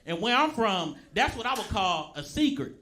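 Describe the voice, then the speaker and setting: A stand-up comedian talking in a laid-back, giggly way that turns loud at the punchlines. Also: male voice, sits high, very animated, moderate pace. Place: comedy club stage with audience. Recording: live club recording with crowd noise. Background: audience laughter.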